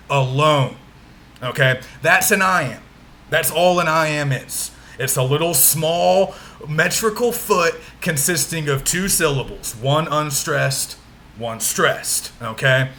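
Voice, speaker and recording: Brisk bright-voiced male lecturer. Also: fairly high pitch, slight background noise. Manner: patient, repeats points with frequent "okay?" check-ins. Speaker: teacher. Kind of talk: recorded lecture.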